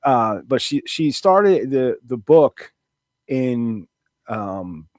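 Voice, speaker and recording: A man's voice: mid-range voice, big pitch swings, extremely slow, a little mellow, no echo. A man co-hosting a podcast, chatting casually with wry asides and offhand swearing. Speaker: podcast co-host. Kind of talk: casual chat.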